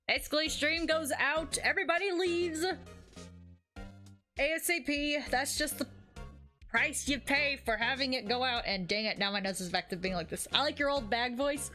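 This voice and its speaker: A woman's voice: sits high, moderate pace, bright, forceful tone, soft background music. A woman streamer chatting casually while playing a game, distracted and laughing easily. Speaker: streamer voicing all characters. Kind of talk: casual live-stream chat.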